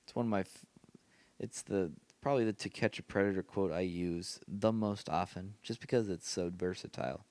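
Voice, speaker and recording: A man's voice: sits low, moderate pace, a little mellow, no room sound. A tired man hosting a casual solo podcast late at night, rambling and often laughing to himself. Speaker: podcast host.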